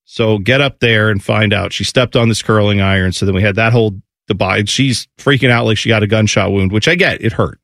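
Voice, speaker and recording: A man's voice: lowish voice, fairly quick, hardly any pauses, a bit bright, no room sound, studio quality. A man hosting a morning radio show, telling a funny family story with lots of laughter and acted-out voices.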